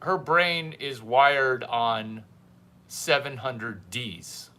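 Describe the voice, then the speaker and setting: A man's voice: medium pitch, very slow, bright, forceful tone. A man hosting a livestream as a mentor, talking to his viewers in a blunt, teasing way and repeating lines for effect. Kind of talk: casual livestream monologue.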